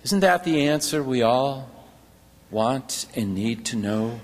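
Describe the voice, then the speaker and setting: A man preaching a sermon as pastor, slow and earnest, reading passages from a book aloud. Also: mid-range voice, animated, big-room sound.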